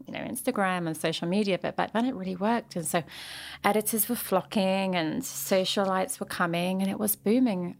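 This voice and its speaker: Gravelly London woman telling stories. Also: medium pitch. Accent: London English. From London, England. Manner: lively storyteller who acts out quoted dialogue. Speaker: podcast guest, aesthetician. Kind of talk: casual interview storytelling.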